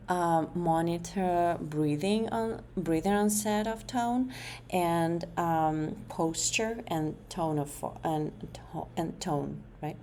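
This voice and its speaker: A woman with a low, mellow voice walks through voice exercises for a class presentation. She pauses often with fillers and restarts her phrases. Faint room ambience sits behind her. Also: slight background noise. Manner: hesitant, many fillers and restarts.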